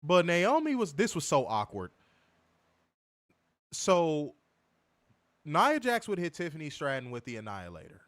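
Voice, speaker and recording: A man's voice: fairly high pitch, huge pitch swings, measured pace, pauses often, a bit bright, dry recording. A man hosting a wrestling review podcast, ranting and mocking in profane comedic commentary, laughing often.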